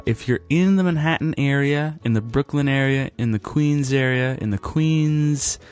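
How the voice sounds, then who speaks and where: A man hosting a podcast in a casual, rambling way, worn out after a long day and pausing often with fillers. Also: mid-range voice. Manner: rambling, halting, with frequent fillers. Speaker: podcast host.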